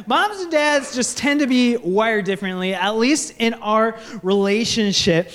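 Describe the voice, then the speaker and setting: A man's voice: high-pitched, unhurried, hardly any pauses, a bit bright. A young man, a pastor, preaching a sermon to a congregation and slipping into jokey put-on voices when he quotes people. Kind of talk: sermon with comic bits. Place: church stage before a congregation.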